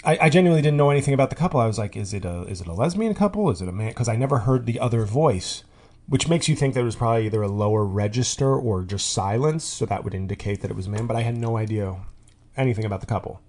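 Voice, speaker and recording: Male podcast host, middle pitch, loose rambling comic monologue with tangents and restarts. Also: quick pace, darkish tone. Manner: rambling, tangent-prone, with frequent fillers and restarts. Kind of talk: comedic monologue.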